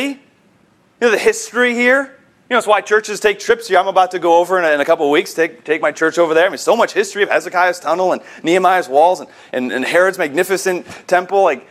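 A man delivers a sermon in a fairly high voice. He tells a scene vividly, sinking into quiet, slow stretches and then rising into emphatic questions. He has the steady pulpit manner of a pastor. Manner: vivid storytelling with swings between hushed and emphatic delivery.

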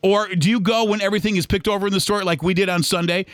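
A man's voice: high voice, steady tone, quick pace, fairly bright tone, smooth, no echo. A man hosting a solo podcast, rambling casually about everyday errands and acting out other people's voices. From Michigan, US. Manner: chatty and rambling, acts out shoppers' voices. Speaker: podcast host.

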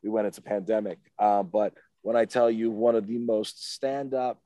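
A man with a lowish voice recorded dry and close, telling a long story in a loose, casual way. He rambles, often stops on "what do you call it," and leaps up in pitch when he acts out the voices of others. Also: steady tone, moderate pace, mellow, no echo. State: emotional, close to tears. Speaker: interview guest.

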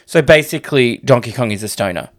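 A man's voice: medium pitch, lively intonation, fast talker. A man co-hosting a podcast in casual chat, rambling and hesitant, swearing freely. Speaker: podcast co-host.

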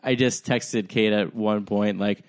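A man's voice: lowish voice, fairly even intonation, measured pace, no room sound, clean studio sound. A young man co-hosting a podcast, telling a rambling, self-deprecating story in a casual way, full of "like" and "um". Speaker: podcast co-host.

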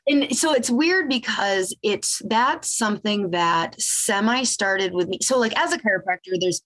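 A woman's voice: medium pitch, lively intonation, unhurried, a bit bright. A woman hosting a podcast, a chiropractor who explains things in a casual, teacherly way. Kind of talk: casual interview chat.

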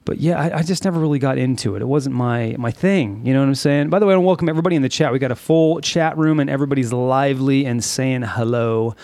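A man's voice: mid-range voice, fast, few pauses, darkish tone, no room sound. A man hosting a casual podcast over drinks, loose and joking, rambling through his intros with lots of fillers. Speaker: podcast host.

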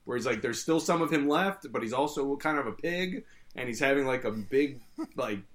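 A man talking casually and with enthusiasm about a show, at an average pitch. He rambles, packs his sentences with "like" fillers, and chuckles as he goes. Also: lively intonation, normal speed. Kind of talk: casual chat.

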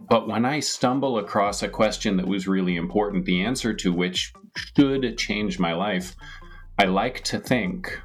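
Brief: male interview host, candid and eager, deep voice, faint music in the background. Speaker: podcast host. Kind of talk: casual interview chat.

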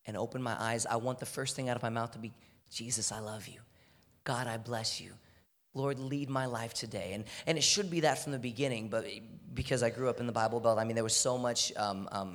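A young man from Houston, preaching earnestly, sometimes dropping to a hushed voice. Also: mid-range voice. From Houston, Texas. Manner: earnest, animated preaching with soft, hushed moments. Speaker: speaker. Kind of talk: sermon. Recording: long hall reverb.

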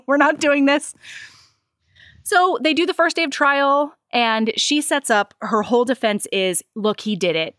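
A woman co-hosting a casual chat, recapping a story with quick acted-out lines and some swearing. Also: a little high, dry recording, studio quality. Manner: animated, swearing, acts out lines in quick voices. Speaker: podcast co-host.

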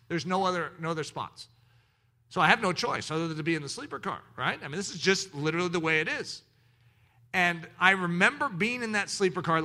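A middle-aged man preaching, telling personal stories in an animated, self-mocking way with sudden loud peaks. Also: fairly high pitch. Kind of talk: storytelling sermon.

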